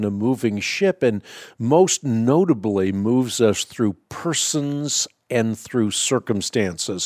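A man hosting a call-in radio show, answering a caller's Bible questions in a measured, emphatic teaching tone. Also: medium pitch, darkish tone, no room sound, studio quality. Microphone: studio microphone.

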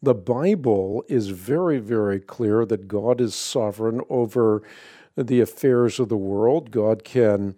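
A man hosting a call-in radio show, explaining scripture to callers in a measured, authoritative way. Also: lowish voice, mellow, no room sound, studio quality. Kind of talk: call-in Bible answer radio.

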